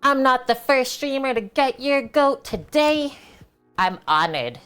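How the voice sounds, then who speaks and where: A woman's voice: medium pitch, a bit bright, clear, resonant tone. A woman streaming while she cooks, chatting casually with viewers, answering their comments and laughing often. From Canada. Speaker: cooking streamer. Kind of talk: casual livestream chat while cooking.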